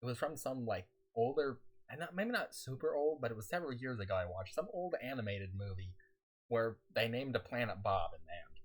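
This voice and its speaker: Male game streamer, casual rambling chat, laughs a lot, lively swooping pitch, slightly scratchy throat. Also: brisk. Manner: rambling, laughs often and talks on in a raised pitch.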